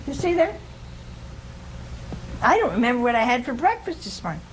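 A woman's voice: fairly high pitch, very animated, moderate pace. Chatty woman teaching a live crowd. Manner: chatty, questions the listeners, humorous. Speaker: religious teacher. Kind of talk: informal talk to a live audience.

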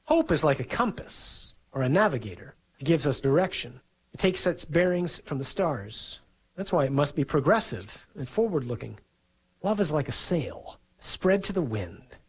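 A middle-aged man, a priest, giving an earnest, conversational sermon with a husky voice and the odd chuckle. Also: a little high, big pitch swings, moderate pace, rough recording.

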